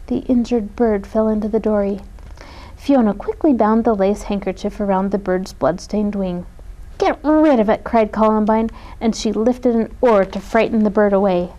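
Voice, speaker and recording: This woman, speaking at medium pitch and a moderate pace, reads a picture book to children with a soft, expressive touch. The audio sounds dull.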